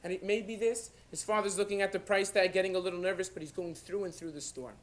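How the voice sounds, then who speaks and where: A man giving a guest class in a synagogue study hall, telling a dramatic story in short, emphatic phrases with pauses. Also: high voice, fairly even intonation. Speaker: guest lecturer.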